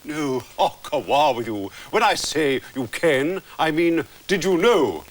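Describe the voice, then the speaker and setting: A man's voice: a little high, lively intonation, unhurried, a little hiss or hum. A hammy fake Scotsman. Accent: put-on bad Scottish. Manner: comically overdone. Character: hammy patient with a fake Scottish accent. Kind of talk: children's TV comedy acting.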